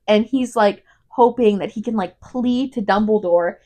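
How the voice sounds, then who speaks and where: A woman's voice: medium pitch, mellow. A young woman co-hosting a casual book review chat, retelling the plot in a rambling way and saying "like" constantly. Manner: rambling, fills every gap with "like", quick retelling. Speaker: podcast co-host.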